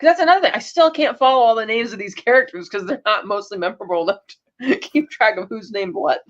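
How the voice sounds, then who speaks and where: A woman's voice: a little high, animated, fast talker, muffled recording. A woman co-hosting a podcast, casually recapping episodes in a rambling way and acting out quotes. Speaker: podcast co-host.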